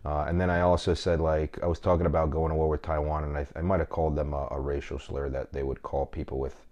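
A man's voice: very deep voice, flat delivery, fast talker, a little mellow. A man hosting his own podcast as a stand-up comic, rambling casually with lots of swearing and self-mocking asides. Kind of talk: casual solo podcast chat.

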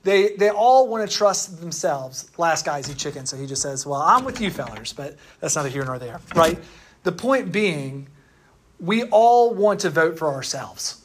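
A man preaches in a relaxed, conversational way and speaks in a slightly higher register. He drops fillers and asks "right?" as he goes, sounding more like a talk among friends than a formal sermon. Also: unhurried. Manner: casual and chatty, with lots of fillers and tag questions.

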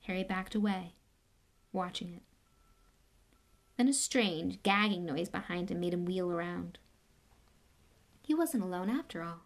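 A woman reading a novel aloud with expressive, measured storytelling. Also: lowish voice. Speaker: reader.

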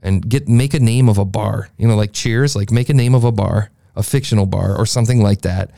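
A man with a gravelly, mellow voice gives an enthusiastic, rambling podcast review. He circles back on his points as he talks. He is heard dry and close through a processed studio mic. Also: on the low side, brisk, dry recording. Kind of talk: casual review commentary. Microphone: processed studio mic, beefy sound.

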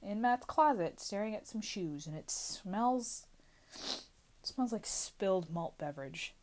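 A woman's voice: medium pitch, lively intonation, a little slow, darkish tone, a little hiss or hum. A woman in her twenties talking anxiously to camera in a casual confessional vlog, rambling and questioning herself from inside a small closet. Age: 20s. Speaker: vlogger.

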